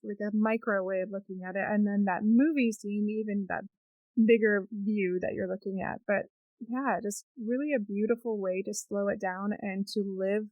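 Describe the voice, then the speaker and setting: A woman's voice: mid-range voice, a little mellow, dry recording, rough recording. A woman hosting a podcast, reflecting on the talk and wrapping up the episode with sign-off notes. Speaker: podcast host. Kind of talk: podcast interview and outro.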